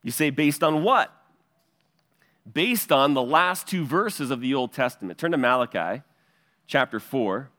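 A man's voice: mid-range voice, animated, a little slow, long pauses, sharp tone, long reverb tail. A male pastor preaching an expository sermon in an earnest teaching cadence, pointing listeners to verses.

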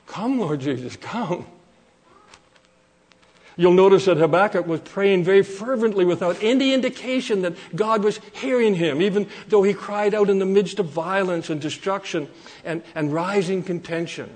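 A man preaching a sermon from Canada, earnest and repeating phrases for emphasis, slowing down to quote scripture. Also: sits high, a little mellow.

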